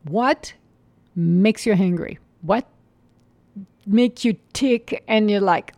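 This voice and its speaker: A woman giving a calm, reflective spiritual monologue, unhurried and sometimes dropping into a soft whisper, with light laughs as she tells stories. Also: medium pitch, no room sound. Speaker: mindfulness speaker.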